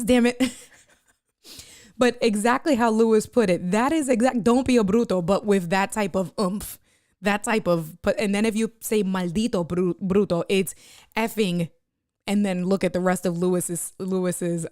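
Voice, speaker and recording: A woman chatting on her live stream, telling a lively story, laughing often and reading viewer comments aloud. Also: mid-range voice, normal speed, dry recording, studio quality. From United States. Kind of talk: casual live-stream chat.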